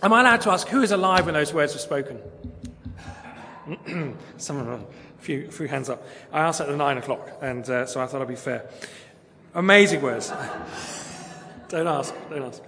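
A man's voice: on the high side, expressive, normal speed, pauses often, bright, forceful tone, a little hiss or hum. A man with an English accent preaching a sermon in church, chatty and hesitant with fillers, then declaiming the quotes he reads. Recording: long church reverb.

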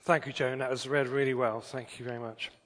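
A man's voice: medium pitch, level tone, fairly quick, fairly bright tone. A man preaching a sermon in a church, conversational with frequent fillers and restarts. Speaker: pastor. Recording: church hall reverb.

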